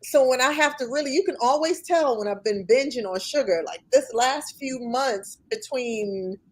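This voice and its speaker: A woman's voice: high-pitched, normal speed. A middle-aged woman, a singer, talking as a guest in a casual chat, joking about herself in slangy everyday speech and laughing often.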